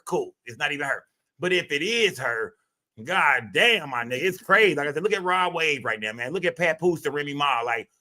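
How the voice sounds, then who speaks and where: A man's voice: fairly high pitch, pushed and bright. A man hosting a live stream, talking in a loose, rambling and profane way, full of filler tags. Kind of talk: casual live stream commentary.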